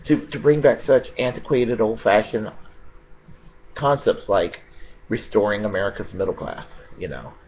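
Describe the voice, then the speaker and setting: An American man giving a rambling, unscripted political monologue, halting with many fillers and restarts and blunt with profanity. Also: mid-range voice, dull audio, slight background noise. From United States.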